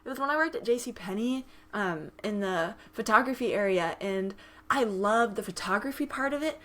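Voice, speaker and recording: A young woman with a mid-range voice hosts a podcast at a moderate pace. She tells stories in casual chat, animatedly acting out the voices of the people she quotes and laughing often.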